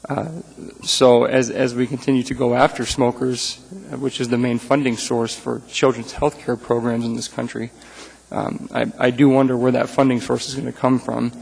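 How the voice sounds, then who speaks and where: A man's voice: medium pitch, vocal fry, low-quality recording. A man speaking as an assembly member at a city council meeting, stumbling through restarts and fillers as he makes his point. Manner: halting, with repeated restarts and fillers. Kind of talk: council floor remarks.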